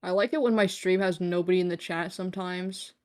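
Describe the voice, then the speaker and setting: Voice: medium pitch, steady tone, fairly quick, a little mellow. A streamer chatting casually during a late-night live game stream, joking, rambling and laughing often.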